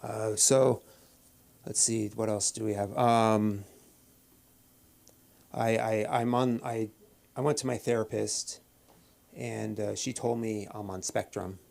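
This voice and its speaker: Deadpan halting male open-mic comic. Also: fairly low pitch, gravelly. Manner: deadpan, halting with many restarts and fillers. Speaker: stand-up comedian at open mic. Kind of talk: stand-up comedy set. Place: comedy club stage.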